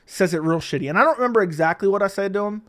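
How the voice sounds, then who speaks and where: A man hosting a casual livestream, telling stories in a profane, animated way into a studio mic. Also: sits high, racing. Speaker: livestream host.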